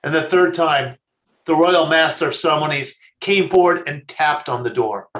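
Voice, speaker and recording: A man, a rabbi, telling a story in a sermon, measured and slowing down for emphasis. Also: a little high, a bit bright. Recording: echoey room.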